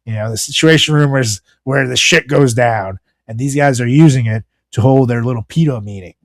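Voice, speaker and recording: A man's voice: medium pitch, brisk, no room sound. Profane ranting podcast man. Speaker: podcast co-host. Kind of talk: casual podcast commentary.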